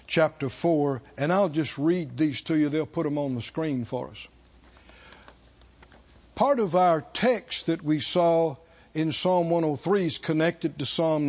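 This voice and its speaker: A man's voice: a little high, darkish tone, highs cut off. A man preaching a sermon to a church congregation, leading call-and-response and stretching out repeated phrases for emphasis. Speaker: pastor.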